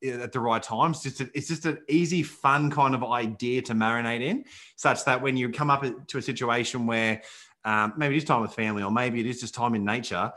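A man's voice: mid-range voice, a little fast, pushed and bright. A man hosting a podcast, speaking reflectively and thoughtfully with frequent fillers. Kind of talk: casual podcast chat.

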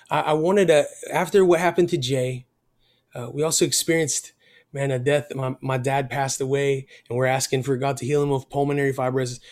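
His voice a little high, this middle-aged worship musician earnestly relates a personal story during an interview, clearly emotional. Mentions of faith bring a softness to how he speaks.

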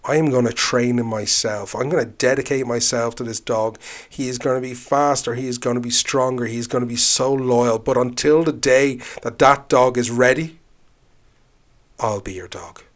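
A man's voice: mid-range voice, normal speed, natural voice. A man voicing a bold young boy hero who speaks earnestly and makes a firm vow. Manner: earnest, vowing, insistent.

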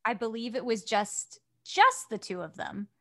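A woman chatting casually as a podcast guest, telling animated stories and laughing often. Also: on the high side, unhurried. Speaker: guest voice actor.

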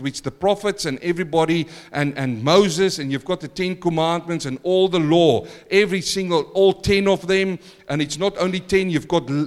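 A middle-aged male pastor preaching a sermon, animated and talking straight to his congregation. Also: a little high. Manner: animated, talks directly to the congregation and to the apostle.

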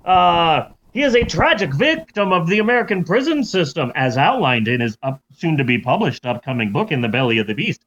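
A man's voice: fairly high pitch, very animated, brisk, few pauses, a bit bright, exaggerated voice. A man doing a pompous, speechifying British author with a put-on British accent, on a dull lo-fi recording. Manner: grandiose, speechifying.

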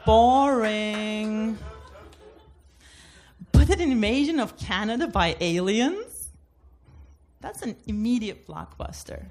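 A woman's voice: a little high, sing-song, measured pace, a little mellow. A woman from Turkey doing a comedic debate bit, laughing through her jokes.

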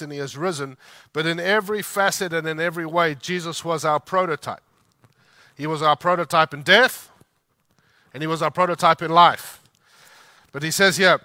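Bright, high-voiced male preacher. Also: dry recording. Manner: emphatic, slows down to stress scripture lines. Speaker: pastor. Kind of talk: sermon.

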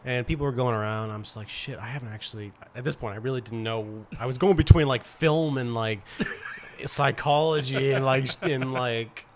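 A young American man telling a story about himself in a casual podcast chat, halting and self-mocking, full of fillers and restarts. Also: mid-range voice, a little hiss or hum. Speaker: podcast co-host.

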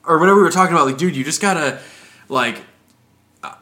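In casual conversation, a man rambles with lots of fillers and acts out the voices of customers. His slightly high voice is pushed and bright, fast, with lively intonation.

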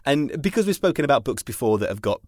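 A man's voice: mid-range voice, very animated, quick pace, no room sound, clean studio sound. A British man in his thirties, a podcast co-host, telling stories in a wry, mock-indignant way. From United Kingdom. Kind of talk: casual chat.

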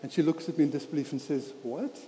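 A man's voice: fairly high pitch, fairly even intonation, very fast, warm tone. A man preaching a sermon in an earnest, plain-spoken, conversational way, often saying "you know" and repeating words. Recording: reverberant church hall.

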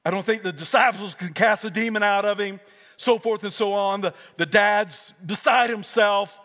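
A male pastor preaching a fervent sermon, moving between hushed talk and shouts and calling on the congregation to repeat after him. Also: high-pitched, moderate pace, long reverb tail. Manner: calls on the congregation to repeat words. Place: church sanctuary.

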